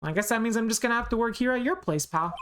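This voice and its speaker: A woman's voice: a little high, expressive, fast, a bit bright. A woman voicing a scruffy, good-natured adult male detective from a video game, who calls everyone pal. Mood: eager.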